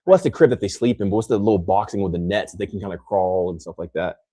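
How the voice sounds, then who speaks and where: Low-voiced rambling young man. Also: fast, dark tone, no room sound, clean studio sound. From United States. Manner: rambling, heavy use of "like". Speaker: podcast host. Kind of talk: casual podcast chat.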